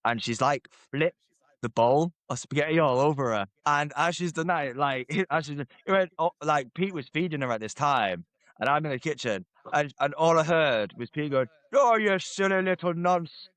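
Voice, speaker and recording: A man's voice: on the high side, moderate pace, a bit bright, dry recording. Man telling a rambling story. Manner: rambling, laughing, sweary. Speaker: podcast co-host. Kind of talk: casual storytelling.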